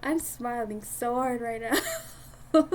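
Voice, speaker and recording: A woman gives a casual tarot reading at an indoor table, her voice a bit high and expressive, taking her time over slight background noise. She giggles and gushes, gets emotional, and swears freely.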